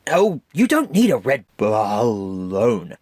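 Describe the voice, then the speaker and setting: A man quoting a kind grown man, speaking slowly and softly. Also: mid-range voice, huge pitch swings, no room sound, clean studio sound, heavily acted. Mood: tender.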